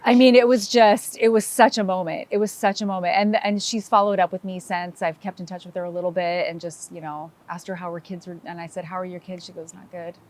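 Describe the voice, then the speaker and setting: A woman's voice: fairly low pitch, fairly even intonation, a little fast, few pauses, darkish tone, slight background noise. A middle-aged woman, a sheriff's wife, retelling a story in an interview with emotion and quoted dialogue.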